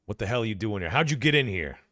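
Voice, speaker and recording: Game master voicing an aggressive young thug boss, raised and pushed high. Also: male voice, expressive, quick pace, no echo, studio quality. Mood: angry. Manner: aggressive, shouting, swearing.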